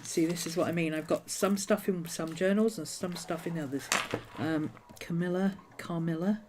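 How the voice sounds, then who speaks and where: Against a noisy background, a woman with a fairly low voice talks at normal speed. She hosts a journaling vlog, chatting casually and wandering from point to point, restarting often as a cough keeps nagging at her.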